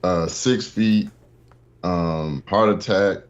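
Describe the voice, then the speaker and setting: A man's voice: deep voice, very slow, highs cut off. A man chatting casually on a podcast, rambling with lots of fillers and restarts. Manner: rambling, many fillers and restarts, laughs while telling stories. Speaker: podcast guest. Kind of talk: casual chat.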